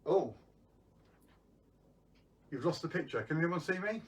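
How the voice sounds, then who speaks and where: A man's voice: a little high, lively intonation, a little slow, recorded from a distance. A man hosting a live magic stream, chatting casually to viewers with lots of ums and restarts.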